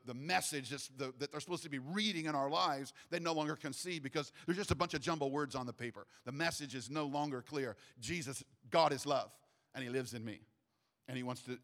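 A man's voice: medium pitch, a bit bright. A middle-aged pastor preaching a sermon in a conversational way, often restarting his phrases.

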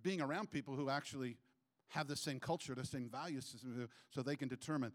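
A man preaching a sermon in church, animated and acting out little quoted voices as he goes. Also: a little fast. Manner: animated, acts out quotes with sudden pitch jumps. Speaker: pastor.

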